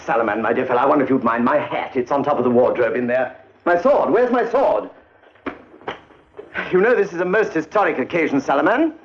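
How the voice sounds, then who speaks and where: A man's voice: mid-range voice, lively intonation, fairly quick, slight background noise, natural voice. A man playing a pompous, fussy old-style governor. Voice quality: pompous, fussy and upper-class. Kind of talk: 1950s British film comedy acting. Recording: dull roomy old film soundtrack.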